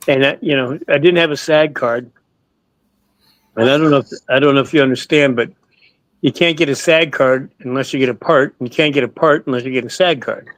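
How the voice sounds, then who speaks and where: A man's voice: medium pitch, fairly quick, fairly bright tone, no room sound, poor audio. A man in his sixties, a guest actor in a casual interview, telling stories in a rambling way, repeating words and swearing freely.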